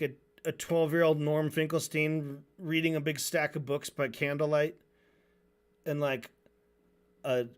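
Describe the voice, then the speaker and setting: A streamer reviewing a debate in a casual, sarcastic, rambling way, often restarting mid-sentence. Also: mid-range voice.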